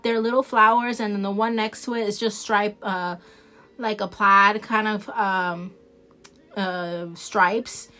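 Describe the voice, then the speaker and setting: Her voice is medium in pitch, steady, pushed and bright, and she takes her time. In a casual live showcase, this New Jersey-accented independent nail seller shows viewers her products, rambling along and laughing readily.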